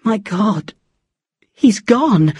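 A woman's voice: mid-range voice, expressive, drawn-out words, dark tone, breathy edge, no room sound, voice pushed up, exaggerated voice. A reader voicing an angry, distraught mother who speaks sharply and demandingly. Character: furious, distraught mother abandoned by her husband.

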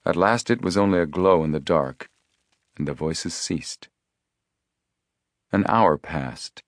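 A man narrating an adventure story as an audiobook reader, in a measured, steady way. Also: low voice, no room sound, clean studio sound. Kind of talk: scripted narration.

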